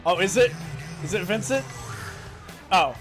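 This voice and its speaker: A relaxed man co-hosts a game stream, easily amused as he talks through the match. His voice is a little high. Game music plays behind the chat. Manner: laid-back, quick to laugh. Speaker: streamer co-host. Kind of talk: casual gaming stream chat.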